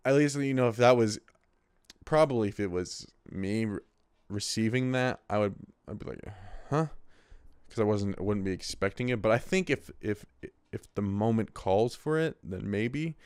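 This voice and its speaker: A man's voice: on the low side, normal speed, a little mellow, clear, resonant tone, no room sound. A man in his twenties who hosts the show, talking in a rambling, casual monologue full of swearing and restarts. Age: 20s. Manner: rambling, profane, restarts often. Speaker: host.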